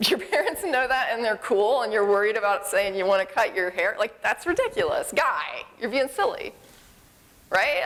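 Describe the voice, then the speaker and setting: A woman's voice: a little high, expressive, moderate pace, fairly bright tone. A woman giving a live conference talk in a conversational, frank manner, reading letters and commenting on them. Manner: conversational, frank, exclamatory asides. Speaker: conference speaker. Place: conference hall with an audience. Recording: long reverb of a large hall.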